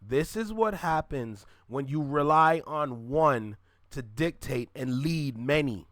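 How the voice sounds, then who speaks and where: Man, reaction host, emphatic, preachy, fairly high voice, dry close sound. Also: expressive, slow pace, fairly bright tone, dry recording. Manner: emphatic, preachy, addresses listeners as y'all. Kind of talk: reaction commentary.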